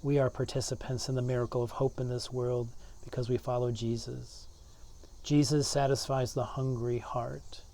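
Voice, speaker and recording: A man's voice: medium pitch, dark tone. A man, a pastor, giving a sermon in an earnest way, often repeating words as he builds his points. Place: church.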